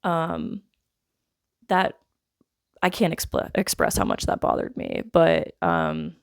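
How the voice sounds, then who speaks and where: A woman's voice: low voice, sing-song, slow, clear, resonant tone. A woman giving a casual, rambling film review, wry and full of fillers like "like" and "I guess.". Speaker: movie reviewer.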